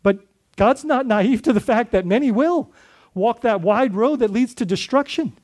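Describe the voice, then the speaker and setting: A man's voice: very high voice, expressive, moderate pace, darkish tone. Guy preaching a sermon, talks casual, keeps asking the church questions. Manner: conversational, quizzes the congregation with questions. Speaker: lead pastor.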